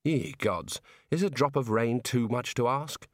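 A weary, put-upon wizard grumbles and mutters his complaints half to himself, as a male narrator puts him on. The voice sits at an ordinary man's pitch and is recorded close and dry. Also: animated, a little slow, no room sound, close to an everyday voice. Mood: grumbling.

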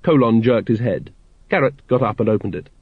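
Man narrating with a lively, wry voice. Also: medium pitch, fairly quick, slightly rough, no echo, phone-quality sound. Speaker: audiobook narrator. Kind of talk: storytelling narration.

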